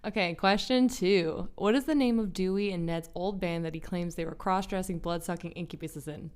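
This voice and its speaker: A woman in her thirties co-hosting a podcast in casual chat, enthusiastic and quick to laugh. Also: lowish voice, a little mellow, clean tone. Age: 30s. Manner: enthusiastic, laughs often, reads quiz questions. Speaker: podcast co-host.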